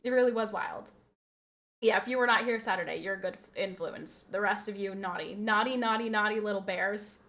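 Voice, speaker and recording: A woman's voice: mid-range voice, a little fast, fairly bright tone. A woman streamer chatting casually with her viewers, rambling and laughing often as she reads and answers chat.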